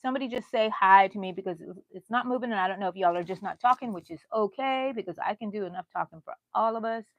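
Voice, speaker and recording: Talking fast with few pauses, a woman in her 60s runs a crochet livestream from her bedroom, rambling casually to viewers. Her pitch is medium and the recording is dry.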